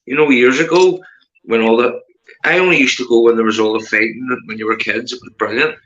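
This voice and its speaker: Belfast guy chatting on a stream, bright voice, roomy lo-fi sound, keeps saying mate. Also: mid-range voice, brisk. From Northern Ireland. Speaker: livestream host. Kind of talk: casual livestream chat.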